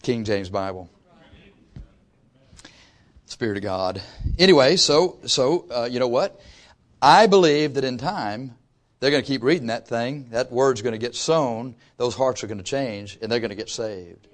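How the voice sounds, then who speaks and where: Man preaching with sudden loud rises. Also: mid-range voice, expressive, a little slow, pauses often. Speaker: pastor. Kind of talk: sermon. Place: church before a congregation.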